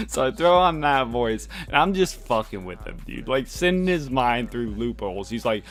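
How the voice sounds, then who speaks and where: A young man tells a wild story to his vlog viewers. He talks casually, in slang full of profanity, and keeps laughing between lines. His voice sits at an average pitch for a man. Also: expressive, measured pace, a bit bright. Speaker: vlogger.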